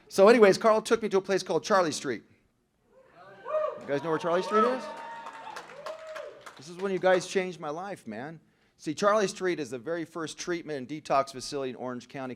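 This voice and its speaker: A young man tells his story to a meeting hall in a slightly high voice. He is slangy and animated and keeps slipping into the voices of the people he quotes. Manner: animated, slangy, acting out other people's lines. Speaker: recovery meeting speaker. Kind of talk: storytelling speech to a crowd. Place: convention hall.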